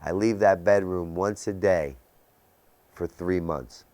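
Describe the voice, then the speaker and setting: A man in his thirties giving an intense personal testimony about his recovery, with sudden dramatic drops to a quiet voice. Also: deep voice, slow, dry recording. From Baltimore area, US. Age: 30s. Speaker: recovery speaker.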